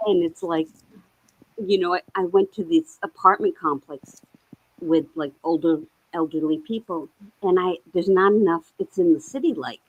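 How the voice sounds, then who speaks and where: Lady with a lowish voice rambling thru animal stories on a stream call, laughs a lot. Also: animated, normal speed, slightly rough, dull audio. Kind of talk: casual chat. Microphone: video call.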